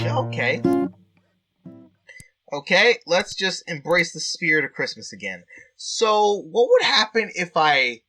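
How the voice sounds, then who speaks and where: A man plays through a text adventure game, reading the story aloud in a flat, dry way, then breaking off with startled reactions. His voice sits a little high and sounds bright, and his pitch swings widely. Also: moderate pace, soft background music. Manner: animated, jumps between deadpan reading and shocked outbursts. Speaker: game player and reader.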